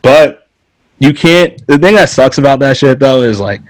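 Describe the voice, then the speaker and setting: A young man from North Carolina tells stories in loose, casual chat, his pitch jumping all over the place. He laughs often, swears freely and fills his talk with "like." The sound is dry and close, with no room around it. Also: moderate pace, no echo, low-quality recording. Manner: animated, laughing often, swearing, heavy use of "like".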